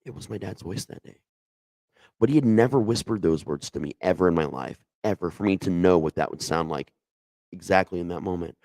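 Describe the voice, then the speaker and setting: A man's voice: low voice, brisk, a little mellow, no room sound. A middle-aged man telling a personal ghost story in a casual, emotional way, with frequent restarts and asides.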